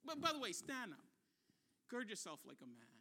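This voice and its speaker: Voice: huge pitch swings, pushed and bright, heavily acted. A preacher voicing God as a majestic male figure questioning a man during a sermon. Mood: commanding. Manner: slow, low, stern questioning.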